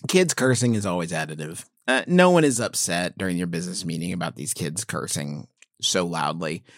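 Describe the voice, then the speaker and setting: A man in his thirties co-hosting a comedy podcast. He talks loosely and animatedly, his pitch swooping all over the place. The sound is dry and close to the mic. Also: fairly quick, no room sound. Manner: animated, jumps into high silly voices for jokes. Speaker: podcast co-host. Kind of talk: casual comedic chat.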